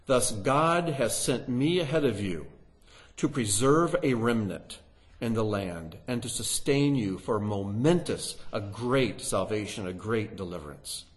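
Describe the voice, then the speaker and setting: A man's voice: fairly low pitch, expressive, a little slow. A man teaching through a Bible passage, reading scripture aloud with rising emphasis and asking his listeners rhetorical questions.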